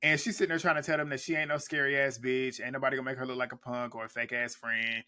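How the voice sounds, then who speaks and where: A man's voice: mid-range voice, flat delivery, quick pace, bright, forceful tone. A man recapping a reality TV episode in a casual reaction vlog, blunt and profane, laughing often as he talks.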